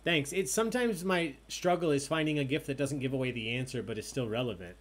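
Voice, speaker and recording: A man hosting an online trivia night, announcing questions and scores in a loud, playful way. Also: medium pitch, fast. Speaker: trivia host.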